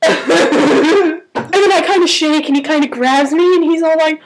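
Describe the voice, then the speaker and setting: Giggly high-voiced teenage girl. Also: expressive, unhurried. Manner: giggly, gushing, often breaks into laughter. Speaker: vlogger telling a story. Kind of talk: excited casual storytelling. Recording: noisy home video.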